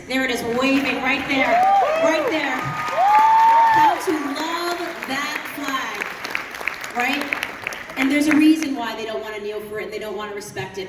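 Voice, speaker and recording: A woman giving an impassioned political speech at a youth summit, fiery and mocking, building to emphatic peaks. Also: medium pitch. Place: large conference hall. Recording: echoey hall, heard from a distance, audience noise.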